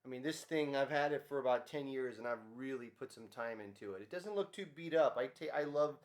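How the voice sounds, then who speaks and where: A guitarist casually talking about his guitar in a relaxed, rambling way with lots of ums. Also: medium pitch, brisk. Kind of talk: casual gear demo talk.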